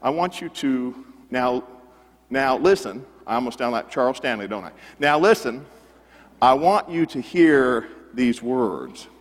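Lively middle-aged male preacher. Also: medium pitch, measured pace, big-room sound. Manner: animated, conversational preaching with rhetorical questions. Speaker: pastor. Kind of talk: sermon.

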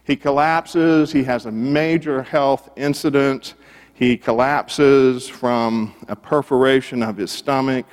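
A man preaching a sermon, telling a story earnestly, repeating phrases for emphasis and dropping to a hush at key moments. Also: medium pitch. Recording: long hall reverb.

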